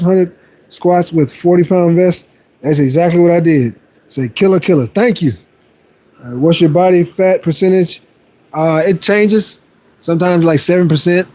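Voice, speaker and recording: Male fitness streamer, slightly high voice, upbeat motivational chat with viewers. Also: darkish tone. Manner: playful boasting with laughs. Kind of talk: casual livestream chat, reading viewer messages aloud.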